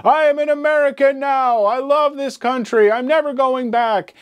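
A man's voice: very high-pitched, fairly even intonation, normal speed, voice pushed up. A man putting on a boisterous, tipsy young Russian art student who crows exuberantly. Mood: crowing. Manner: crowing, exuberant shouting.

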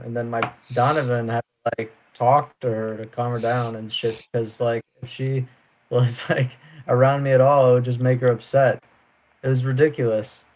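A man's voice: mid-range voice, darkish tone, poor audio. A young man in casual voice chat, talking in a laid-back, mumbling way. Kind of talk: casual voice chat while gaming. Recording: faint background noise.

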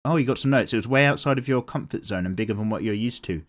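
A man's voice: medium pitch, quick pace. A young British man hosting a drawing show, reading out viewer comments in a rambling, casual way, swearing freely and laughing often. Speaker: art channel host.

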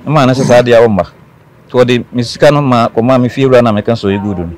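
A man from Ghana speaks as an interview guest, recounting what happened to him. He talks earnestly at a middle pitch, often repeating phrases to drive a point home. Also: fast, a little mellow. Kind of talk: telling a personal story.

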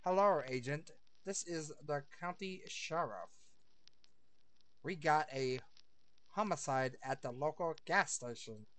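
A man voicing a small-town male county sheriff on the phone in a video game, speaking slowly and deliberately. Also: a little high, fairly bright tone. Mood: urgent.

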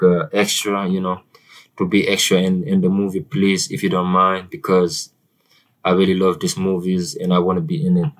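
A man's voice: low-pitched, rough recording. A man with an African accent giving a casual, chatty movie review to camera, often repeating words and using fillers.

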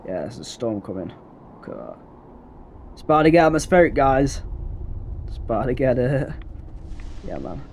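A young man giving casual let's-play commentary, chatty and slangy with excitable bursts. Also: medium pitch, moderate pace, long pauses, slight background noise. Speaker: gameplay commentator.

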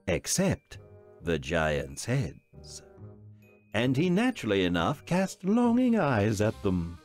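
A man narrating a fairy tale slowly and theatrically. His voice rises and dips dramatically through each sentence, with soft music playing behind. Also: mid-range voice. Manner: expressive, dramatic storytelling. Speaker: reader. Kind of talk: storybook narration.

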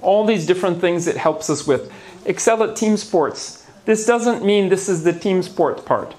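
A man's voice: high voice, expressive, a little slow, a little mellow. A man giving a conference lecture on the brain, playful and theatrical, with gasps, asides and small jokes for the audience. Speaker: neuroscience lecturer. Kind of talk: conference talk. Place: conference hall before an audience.

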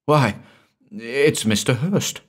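A man's voice: medium pitch, animated, takes it slowly, slightly rough, pitched above the performer's own voice. A man voicing a stout, hearty male commercial traveller with a blustering manner. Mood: brusque.

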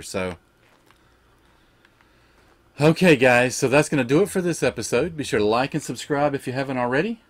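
Male gaming host, mid-pitched, commentary jumping between yelling at pets and quiet grumbling. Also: lively intonation, moderate pace, long pauses. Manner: swings from shouting at pets to soft muttering. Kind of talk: let's play commentary.

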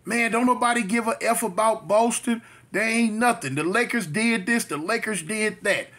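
A man's voice: high-pitched, moderate pace, bright, forceful tone, pitched above the performer's own voice. A man voicing a heated, scornful young woman who is a basketball fan, within his storytime vlog. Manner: scornful, dismissive.

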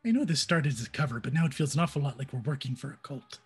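Casting: raspy man, mid pitch, earnest player, soft music under. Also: rapid-fire. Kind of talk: role-playing at a game table.

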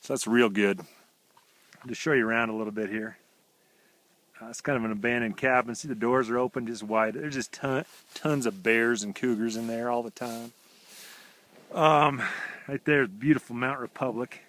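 A relaxed man strolls through snowy woods, filming himself on a handheld camera. He talks in a loose, deadpan, slang-heavy ramble full of "uh" and "just." It sounds like an offhand video diary. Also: mid-range voice, moderate pace. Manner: laid-back, slangy, deadpan rambling with fillers. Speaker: vlog host. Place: outdoors in snowy woods by his house.

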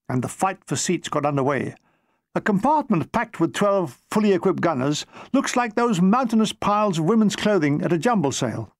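A man's voice: sits high, very animated, moderate pace, creaky, no echo. A man reading his own war memoir aloud in a dry, wry, comic storytelling manner.

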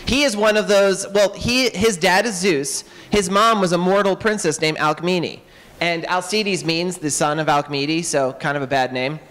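A man, an author and illustrator, tells myths to children in an animated, joking way, full of quick asides. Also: sits high, in a large hall, rough recording. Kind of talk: lively storytelling talk to children. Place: public library event room.

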